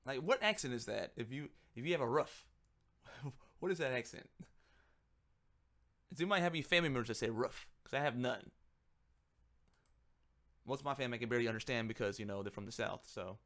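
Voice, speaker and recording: A man's voice: mid-range voice, a little fast, long pauses, fairly bright tone. A man talking casually on a livestream as he works, rambling, joking and muttering to himself. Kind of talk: casual livestream chat while working.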